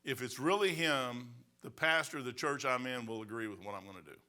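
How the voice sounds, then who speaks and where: A man's voice: medium pitch, brisk, sharp tone. A man in his sixties preaching a sermon as pastor, telling folksy stories with emphatic asides. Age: 60s.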